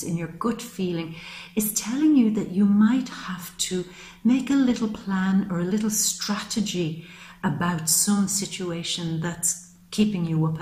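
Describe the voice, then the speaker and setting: A woman's voice: medium pitch, mellow. A woman giving an earnest, flowing monthly tarot reading to camera, repeating phrases for emphasis. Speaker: tarot reader. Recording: roomy echo.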